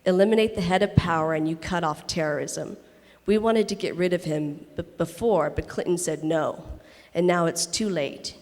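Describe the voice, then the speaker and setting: A woman's voice: on the low side, moderate pace, darkish tone, natural voice. A woman reading a monologue aloud, voicing a blunt, opinionated Israeli woman veteran who lectures with rhetorical questions. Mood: insistent. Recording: reverberant convention hall.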